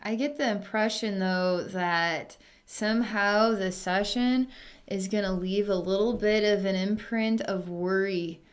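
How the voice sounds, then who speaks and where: A woman psychic healer speaking in a distance healing session, talking in a soothing, chatty way with frequent fillers and soft laughs. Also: medium pitch, a little slow.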